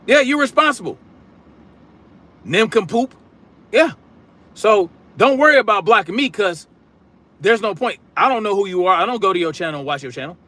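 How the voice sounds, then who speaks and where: On a political live stream, a combative man reads his chat aloud, expressive at normal speed but with long pauses. His voice is pushed, bright, and a little higher than most men's, and he projects it while talking bluntly in casual slang and repeating catchphrases.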